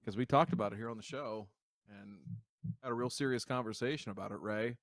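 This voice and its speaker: A man's voice: medium pitch, fairly quick, no echo. A man co-hosting a podcast, talking in a casual, earnest and reflective way. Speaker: podcast co-host. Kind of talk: casual chat.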